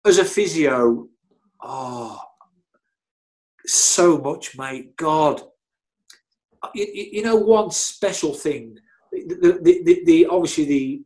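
Chatty man with a higher voice. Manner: animated, chatty, repeats himself, laughs often. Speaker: former footballer and physio guest. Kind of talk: casual storytelling interview.

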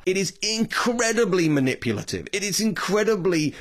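A man's voice: high-pitched, sing-song, normal speed, hardly any pauses. A man giving a casual history talk, rambling with many fillers and restarts. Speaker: host.

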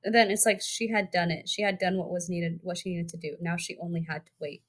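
A woman co-host chats about a novel in a loose, rambling way, filling her thoughts with "like." Her voice sits a little on the low side. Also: fairly even intonation, a little fast. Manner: chatty, says "like" a lot. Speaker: podcast co-host. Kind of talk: casual book discussion.

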